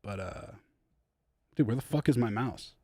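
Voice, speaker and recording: A man's voice: medium pitch, normal speed, dark tone, no room sound. A young man streaming live from his home studio as a music producer, chatting casually in a rambling, profane, self-deprecating way.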